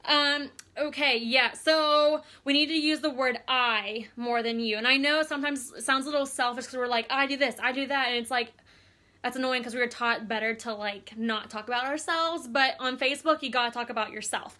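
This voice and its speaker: A woman's voice: high voice, moderate pace, bright, forceful tone. A young adult woman giving a casual, chatty training talk to her team, upbeat and full of fillers. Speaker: team leader.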